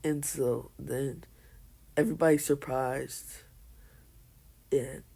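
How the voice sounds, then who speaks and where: A man telling a casual, made-up fan story in a halting way, full of restarts and fillers. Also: medium pitch, steady tone, creaky, dark tone, husky. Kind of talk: casual fan-fiction narration.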